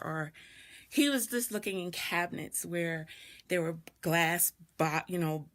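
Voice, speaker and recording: A middle-aged woman, a doula and video host, speaks unhurriedly in a fairly low-pitched, slightly bright voice. Hosting a live video, she tells a personal story reflectively and greets viewers along the way.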